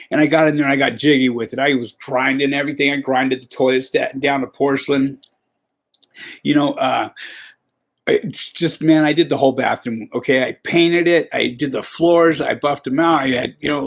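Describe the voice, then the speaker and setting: Man, podcast host, gravelly voice, casual storytelling, profane, rambling. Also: mid-range voice. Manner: profane, rambling, peppers with "you know".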